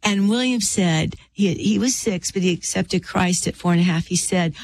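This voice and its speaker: A woman's voice: fairly low pitch, moderate pace, darkish tone. Earnest woman telling a faith story. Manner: earnest storyteller who acts out quoted voices. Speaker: author and interview guest. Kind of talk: personal faith testimony in an interview.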